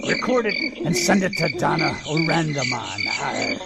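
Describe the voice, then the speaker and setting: A man voicing a hearty, swaggering male pirate captain in a recorded promo, with gruff, growling pirate talk. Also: fairly high pitch, sing-song, normal speed, heavy background noise.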